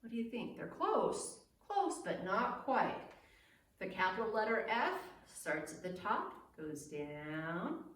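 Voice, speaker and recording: A woman leading a children's circle-time lesson, gentle and sing-song, pausing for the children's answers. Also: mid-range voice, big pitch swings. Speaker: preschool teacher. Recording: very echoey room, voice from a distance.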